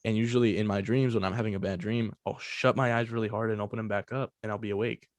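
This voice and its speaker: A man's voice: lowish voice, fairly even intonation, quick pace, no room sound. A young man hosting a podcast, telling a personal story in casual, profane chat full of fillers. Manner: loose and profane, many fillers. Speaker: podcast host.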